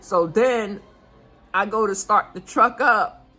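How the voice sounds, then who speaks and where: A woman's voice: medium pitch, takes it slowly, sharp tone, faint music behind. Earnest older woman telling a story. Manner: chatty, earnest, retelling with quoted dialogue. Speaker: vlogger. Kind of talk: casual storytelling vlog.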